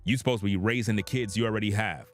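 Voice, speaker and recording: A man's voice: fairly low pitch, racing, soft background music. A man giving opinionated reaction commentary, blunt and profane, addressing his viewers directly.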